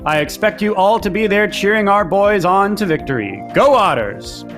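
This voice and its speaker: A man voicing a cheery high school principal reading morning announcements in an announcer-like manner. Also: expressive, normal speed, over music. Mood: upbeat. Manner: announcer-like, upbeat.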